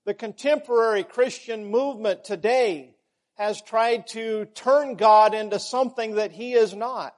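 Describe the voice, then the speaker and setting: A man delivers a sermon at an unhurried pace, his voice sitting high. He builds emphasis through repetition, lifting on key words, then dropping back to a measured teaching tone. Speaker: preacher.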